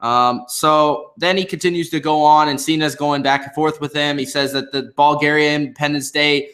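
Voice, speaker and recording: A man gives a casual, opinionated recap of a wrestling episode. His voice sits a little high and he talks freely, with plenty of ums and restarts. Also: steady tone, moderate pace, hardly any pauses, bright, forceful tone. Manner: chatty, opinionated, many fillers and restarts. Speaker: wrestling show reviewer. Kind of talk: casual commentary.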